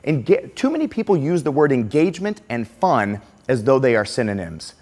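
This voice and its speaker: A middle-aged man giving a conference keynote, telling a classroom story and acting out the quotes. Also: normal speed. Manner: animated, acts out quotes with lively pitch swings. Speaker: keynote speaker.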